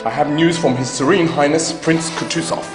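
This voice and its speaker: A man's voice: on the high side, fairly even intonation, moderate pace, close to an everyday voice. Guy as a serious army colonel giving a report, formal, echoey room, some music under it. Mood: solemn. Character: grave loyal foreign-born army colonel. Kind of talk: radio drama acting.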